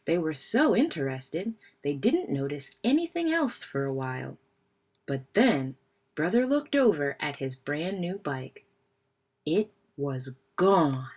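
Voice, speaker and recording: A woman reading a children's picture book aloud in an expressive storytelling manner. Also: low voice, takes it slowly, breathy edge. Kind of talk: children's read-aloud narration.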